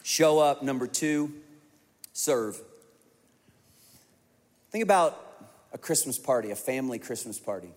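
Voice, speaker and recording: A man preaching a sermon to a large congregation, telling stories in an animated way that swings from hushed to emphatic. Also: mid-range voice, measured pace, long pauses, slight background noise. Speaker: pastor. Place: large church auditorium. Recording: long reverb of a large hall.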